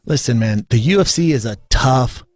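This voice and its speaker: A man's voice: medium pitch, expressive, normal speed, no echo. A man in his thirties, a guest in a casual interview, talking bluntly and swearing freely with lots of repeated words. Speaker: guest, former fighter.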